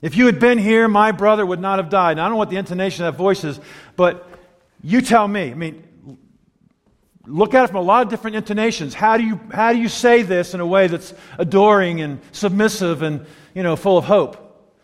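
Storytelling preacher in a reverberant hall. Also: male voice, high voice, a little fast. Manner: storytelling, swings from loud emphasis to hushed near-whispers. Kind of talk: sermon. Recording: long reverb of a large hall.

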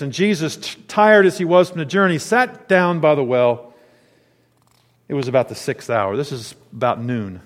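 A man preaching a sermon in a lively, conversational way, with dramatic pitch swings. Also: big-room sound. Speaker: pastor.

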